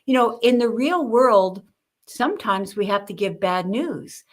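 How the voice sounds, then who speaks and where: An older woman, a guest on an interview show, telling lively stories about communication and acting out the people she quotes. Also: fairly high pitch, a little slow. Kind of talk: conversational interview with storytelling.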